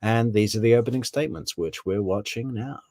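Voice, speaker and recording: A man's voice: fairly low pitch, a little fast, darkish tone, no echo. A man giving casual, rambling commentary on a true crime case, often correcting himself on names.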